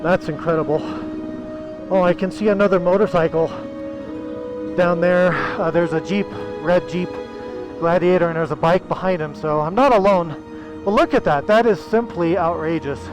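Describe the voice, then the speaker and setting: A man's voice: high-pitched, normal speed, music in the background, low-quality recording. A man vlogging his motorcycle ride over a mountain pass outdoors, talking casually and exclaiming with open emotion. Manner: excitable, exclaiming, openly emotional. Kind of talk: casual narration while riding.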